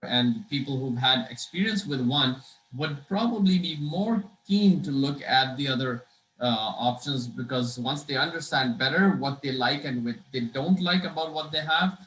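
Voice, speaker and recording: A man hosts a professional webinar, rambling and hesitating between "uh"s. His throat is dry and he coughs now and then. His mid-pitched voice echoes in a roomy space over a video call. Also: animated, moderate pace, fairly bright tone. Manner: rambling, hesitant, many uh fillers and restarts. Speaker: webinar host. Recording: echoey room.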